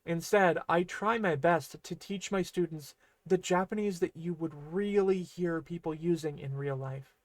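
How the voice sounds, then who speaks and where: A woman's voice: lowish voice, measured pace, no room sound. Chatty woman teaching a casual lesson. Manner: chatty, explanatory, loose fillers like "kind of". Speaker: language teacher.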